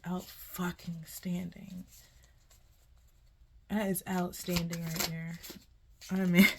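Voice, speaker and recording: Animated, laughing woman tarot reader. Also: fairly low pitch, takes it slowly, pauses often, slight background noise. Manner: animated, laughing often, swearing freely. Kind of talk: casual tarot reading to viewers.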